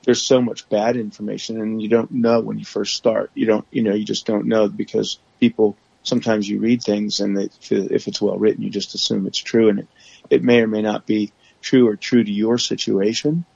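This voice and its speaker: A man guest telling his story candidly on a podcast, halting often with restarts and fillers, over remote call audio. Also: fairly low pitch, flat delivery, gravelly, darkish tone, slightly rough, no echo, dull audio.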